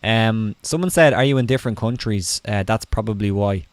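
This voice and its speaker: A man hosting a casual live chat, relaxed, reading out viewer questions. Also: on the low side, moderate pace, no echo. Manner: relaxed, reads out comments. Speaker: host.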